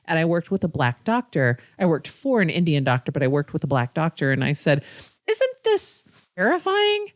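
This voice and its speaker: A woman's voice: low-pitched, a little fast, few pauses, no room sound, clean studio sound. Swearing woman telling a bar story. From Ohio. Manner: swearing, rambling anecdotes with voiced quotes. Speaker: podcast co-host. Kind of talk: casual storytelling chat.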